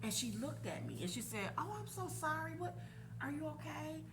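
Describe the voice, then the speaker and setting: A woman's voice: sits high, sing-song, normal speed, noisy background. A woman in her forties, a podcast host telling a personal story candidly and animatedly, laughing now and then.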